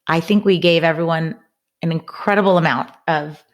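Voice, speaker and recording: Woman podcast host with a fairly low voice, encouraging and chatty. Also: moderate pace. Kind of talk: casual interview chat.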